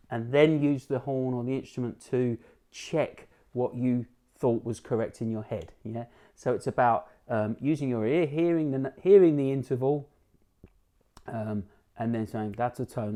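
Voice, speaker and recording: A man with a British English accent teaching a live online jazz lesson over a video call, talking in a relaxed, instructive way with many fillers and restarts. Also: medium pitch, measured pace. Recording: faint piano music behind the voice. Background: piano notes.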